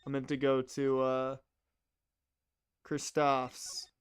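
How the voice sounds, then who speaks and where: A man's voice: medium pitch, monotone, takes it slowly, smooth, no room sound. A young man rambling casually to his chat while streaming a game. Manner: rambling, chatty, talks to chat.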